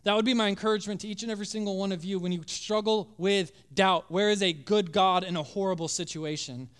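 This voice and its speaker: A male pastor preaching a sermon with passion, acting out voices and dropping to a hush at times. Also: high-pitched, steady tone, quick pace, clean tone. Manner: impassioned, acts out biblical voices, drops to hushed tones.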